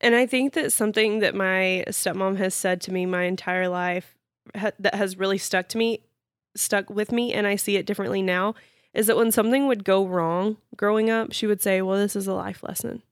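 A woman co-hosting a casual podcast, speaking in a calm, reflective way. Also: medium pitch, normal speed, no room sound, clean studio sound. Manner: calm, reflective, supportive listener.

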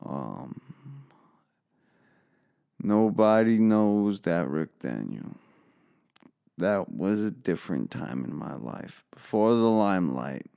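A man's voice: deep voice, very animated, takes it slowly, creaky, long pauses, mellow, clear, resonant tone. A man telling a rambling, profane comic story full of fillers.

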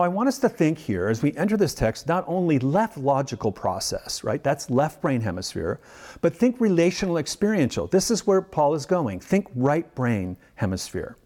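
Earnest pastor preaching with lively pitch. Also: male voice. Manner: earnest, measured preaching with emphatic slowdowns; teacherly, explains words and context. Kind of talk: sermon.

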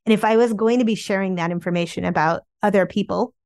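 A woman author telling candid family stories in an interview, chatty and animated, often saying "like". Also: mid-range voice, fast talker, no echo, clean studio sound. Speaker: memoir author guest.

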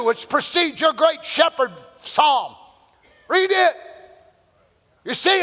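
A male preacher giving an impassioned sermon, swinging between shouted lines and hushed ones. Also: very high voice. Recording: long hall reverb.

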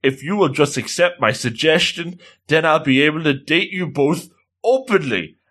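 A man's voice: fairly high pitch, expressive, normal speed, a bit bright. A man voicing an earnest, smitten young anime boyfriend who keeps pleading sincerely.

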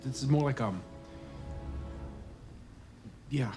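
Scott Lang, an actor as a rambling hero. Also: male voice, medium pitch, close to an everyday voice. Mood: flustered. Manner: halting, self-interrupting, nervous excitement. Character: rambling, awkward, excitable adult male hero. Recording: film clip over music score.

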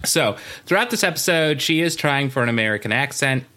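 Bright-voiced man rattling off trivia. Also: medium pitch, lively intonation, fairly quick. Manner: chatty trivia rundown with asides and fillers. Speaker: podcast co-host. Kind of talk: casual chat.

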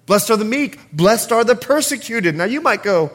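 Pastor guy preaching, high voice, swoops up and down a lot, funny storyteller. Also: brisk, few pauses. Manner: animated storytelling with humor. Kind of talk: sermon. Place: church service.

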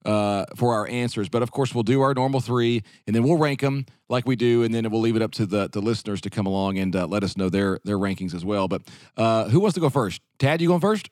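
A man's voice: on the low side, fast talker, a little mellow, no echo, clean studio sound. A man hosting a casual podcast chat, telling stories in a rambling way with lots of filler words. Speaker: podcast host.

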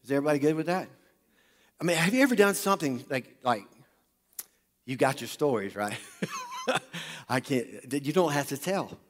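A man's voice: on the high side, lively intonation, moderate pace, pauses often, slight background noise. A man preaching a sermon, joking and chatting with the crowd in front of him. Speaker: pastor. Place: large hall with an audience. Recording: long hall reverb.

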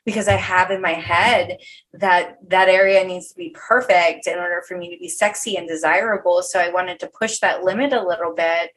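A woman's voice: lowish voice, steady tone, moderate pace, fairly bright tone. A woman hosting a casual podcast chat, frank and supportive, often agreeing and laughing. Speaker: podcast host.

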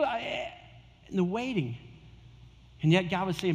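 A man's voice: high-pitched, expressive, unhurried, big-room sound. A male pastor preaching a sermon in a casual, conversational way, repeating his key phrases.

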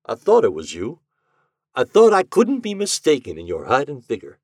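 A man's voice: medium pitch, huge pitch swings, moderate pace, a little mellow, dry recording, studio quality. A man voicing a polite, deferential hotel servant who keeps dropping his voice on "sir".

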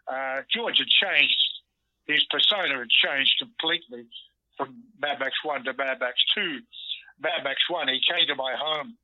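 An older Australian actor, heard over a phone line, telling lively anecdotes and acting out the lines he quotes. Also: on the high side, no room sound. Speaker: guest actor. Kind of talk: storytelling interview. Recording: dull lo-fi phone audio.

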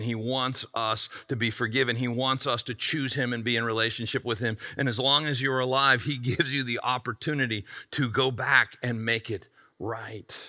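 A man's voice: medium pitch, sharp tone. A man pastor delivering a sermon in an emphatic, conversational way.

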